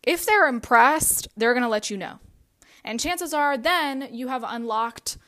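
A woman's voice: high-pitched, lively intonation, measured pace, bright, forceful tone. A woman hosting a podcast, giving advice in a casual, conversational way with lots of fillers. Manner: casual, conversational, frequent "like" and "you know". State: has the hiccups. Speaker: podcast host. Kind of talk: solo podcast advice talk.

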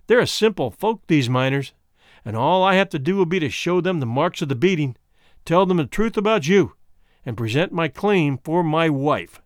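A calm, scheming husband who soothes and mocks at once, as a man reading a story puts him on. His pitch sits slightly high and moves a lot. The sound is close and dry, like a storybook reading. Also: normal speed, no echo, close to an everyday voice. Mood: cool defiant. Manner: soothing, ironic. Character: calm scheming husband, smooth, mocking and mercenary. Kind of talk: audiobook character voice.

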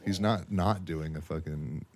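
Very deep-voiced, blunt, profane young man. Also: measured pace, heavy background noise. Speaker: podcast co-host. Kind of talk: casual chat.

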